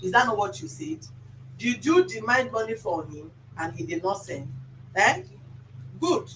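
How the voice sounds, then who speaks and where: A woman's voice: medium pitch, sing-song, measured pace, fairly bright tone, slight background noise. A Nigerian woman hosting a mediation session, firm and lecturing, giving commands. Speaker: mediator host. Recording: roomy office sound from a distance.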